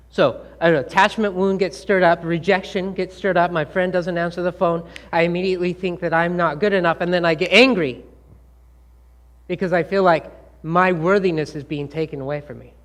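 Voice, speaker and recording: A man's voice: on the high side, a bit bright. A man giving a talk to a live audience, asking them questions and acting out the scolding things people say. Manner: engaging, asks the audience questions and acts out quoted scolding. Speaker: speaker.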